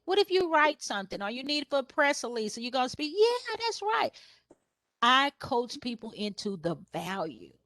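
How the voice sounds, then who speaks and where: A woman photographer sharing business advice on a panel. She tells stories and acts out her customers' questions in a higher voice, laughing often. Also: a little fast, hardly any pauses, dry recording, clean studio sound. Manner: lively storyteller who acts out customers in a higher voice; laughs often while talking.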